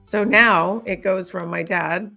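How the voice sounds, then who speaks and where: A woman's voice: mid-range voice, steady tone, slow, vocal fry, sharp tone, faint music behind. A woman hosting a casual editing tutorial, thinking aloud as she works and laughing often. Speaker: host.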